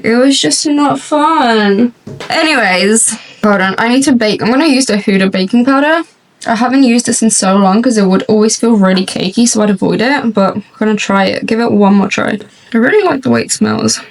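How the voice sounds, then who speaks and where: A woman's voice: on the high side, fairly quick, vocal fry, distant mic, low-quality recording. A young woman telling a long story while doing her makeup, chatty and rambling, laughing often. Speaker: beauty vlogger. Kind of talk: chatty get-ready-with-me storytelling. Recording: voice slightly off-mic.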